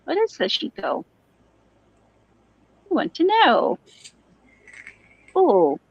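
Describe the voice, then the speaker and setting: A woman hosting a live crochet show, chatting casually, going off on quick asides and reading viewer comments aloud. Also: extremely high pitch, wildly swooping pitch, muffled recording. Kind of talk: casual chat on a live video call.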